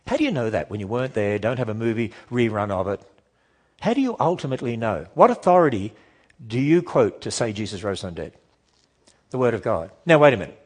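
A man giving a sermon-style talk to a church audience, emphatic and animated, firing off rhetorical questions and acting out the objections people raise. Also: medium pitch, a little fast. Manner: acts out quoted objections in shifting voices; emphatic, repetitive build-ups. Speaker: Christian speaker addressing a church audience.

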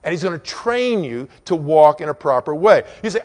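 A man preaching a sermon in church, swinging from loud, emphatic peaks to quiet, low storytelling. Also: animated, moderate pace, few pauses, long reverb tail.

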